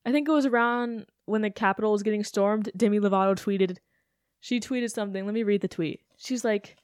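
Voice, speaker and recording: A woman's voice: medium pitch, brisk, a little mellow, clean tone, dry recording, clean studio sound. A young adult woman hosting a podcast, ranting in a chatty, sarcastic way with self-questioning asides. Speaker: podcast host. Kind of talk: casual podcast rant.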